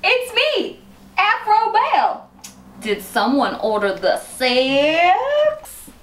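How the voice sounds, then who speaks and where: A woman putting on a sultry, playful seductress voice, drawing out her lines slowly. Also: very high-pitched, wildly swooping pitch, roomy sound, pitched above the performer's own voice, heavily acted. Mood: seductive.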